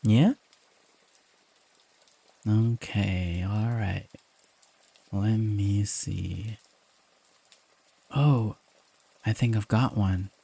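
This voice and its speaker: A man in a whispered role-play as a caring boyfriend, talking softly and tenderly to comfort his partner. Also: on the low side, fairly even intonation, extremely slow, gravelly, pauses often, slightly rough. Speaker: ASMR creator.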